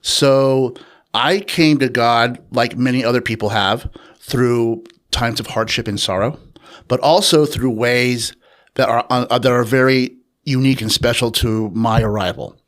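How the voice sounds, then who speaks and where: A man telling his personal story as an interview guest, in a reflective, unhurried way with pauses and fillers. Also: medium pitch, fairly bright tone. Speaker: interview guest, author and researcher.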